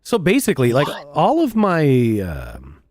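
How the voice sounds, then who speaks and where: A man chatting while gaming, animated and joking, with crude humor. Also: medium pitch, measured pace, dry recording, clean studio sound. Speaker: gamer. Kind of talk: casual chat while gaming.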